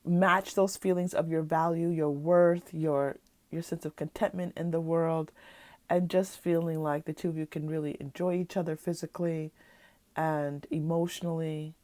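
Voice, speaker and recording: A woman with a stuffy, nasal voice from a cold, giving a gentle, reassuring pick-a-card tarot reading. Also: low voice, flat delivery, normal speed, no echo. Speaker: tarot reader.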